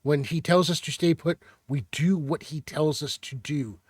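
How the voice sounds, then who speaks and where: A man's voice: a little high, breathy edge, no echo, studio quality. A man voicing an earnest young male squire who stammers and speaks dutifully. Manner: halting, stammering.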